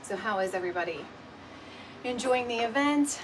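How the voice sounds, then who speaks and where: A woman's voice: fairly high pitch, normal speed. Breathless woman hosting a craft livestream. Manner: chatty, greets viewers by name. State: a little out of breath. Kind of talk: casual livestream chat. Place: home. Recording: distant mic with clear background noise. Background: dog barking.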